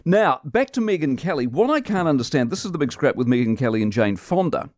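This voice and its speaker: A man, hosting a radio breakfast show in casual banter, emphatic and quick to joke. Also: fairly high pitch, very animated, a little mellow, dry recording, studio quality. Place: radio studio. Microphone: close studio microphone.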